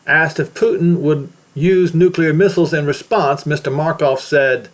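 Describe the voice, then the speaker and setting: A man's voice: on the high side, fairly even intonation, normal speed. A man with an American accent giving an emphatic, preaching commentary on news and scripture. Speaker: religious commentator.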